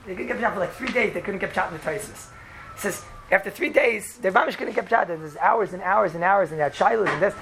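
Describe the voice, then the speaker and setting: A man giving an informal Torah talk to students, telling stories in a rambling, animated way with many fillers and laughs. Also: sits high, fast talker, creaky. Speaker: yeshiva lecturer. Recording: echoey room with background noise.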